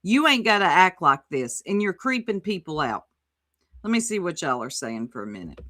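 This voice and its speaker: A woman's voice: on the low side, sing-song, normal speed, bright, forceful tone. A woman hosting a casual commentary livestream, sassy and exclamatory, reading chat aloud and reacting to a clip. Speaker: livestream host.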